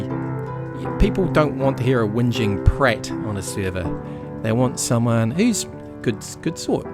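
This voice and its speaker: Blunt man narrating gameplay. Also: mid-range voice. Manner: blunt, chatty, swears casually. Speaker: gaming YouTuber. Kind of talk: casual gameplay commentary. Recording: background game music.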